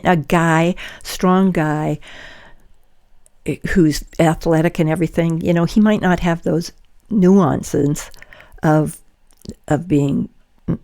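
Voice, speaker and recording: An older woman hosting a candid podcast, talking earnestly in a halting way with frequent restarts. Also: on the low side, mellow. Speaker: podcast host.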